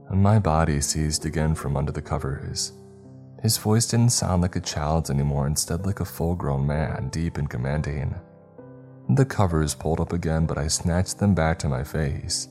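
A man reads a scary story aloud in measured, dramatic narration. His voice is extremely deep and dark, with a mellow weight to it. Soft music plays faintly beneath the reading. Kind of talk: scripted horror narration.

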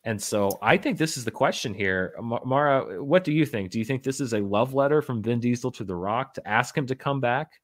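A man's voice: mid-range voice, brisk, few pauses. A man hosting a podcast, chatting casually about news in a wry, joking way, with many fillers and restarts. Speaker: podcast host. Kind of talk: casual chat reading news.

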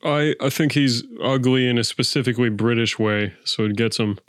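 A man's voice: mid-range voice, moderate pace, no echo, studio quality. A man co-hosting a podcast, making laid-back wry remarks with friends. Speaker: podcast co-host. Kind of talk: casual banter.

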